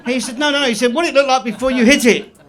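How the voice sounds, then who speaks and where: A man doing stand-up in a club, delivering one-liners deadpan, with the odd quick chuckle at his own jokes. His voice sits notably high for a man. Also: noisy background. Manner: deadpan joke delivery with quick self-laughs. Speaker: stand-up comedian. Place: comedy club stage.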